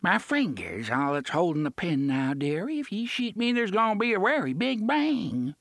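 Cackling dying old pirate. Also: male voice, high voice, huge pitch swings, normal speed, fairly bright tone, no echo, studio quality, voice pushed up, full character voice. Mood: menacing chummy. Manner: thick slangy speech, chummy yet threatening.

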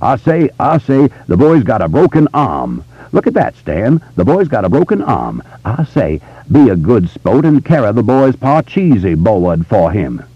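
A man voicing a boy who puts on a grandly rolling, pompous Southern gentleman voice. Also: mid-range voice, very animated, a little slow, husky, dry recording, highs cut off, pitched above the performer's own voice.

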